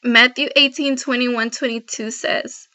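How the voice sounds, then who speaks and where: A woman's voice: a little high, steady tone, a little slow, pushed and bright. A woman speaking to camera in an earnest devotional vlog, heartfelt and rambling, addressing viewers directly. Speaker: Christian vlogger. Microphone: laptop built-in mic. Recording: dull lo-fi laptop audio.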